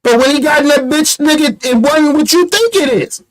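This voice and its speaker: A man's voice: extremely high pitch, animated, normal speed, low-quality recording. A man giving a heated, profane commentary rant, blunt and emphatic, firing off rhetorical questions. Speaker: online commentator.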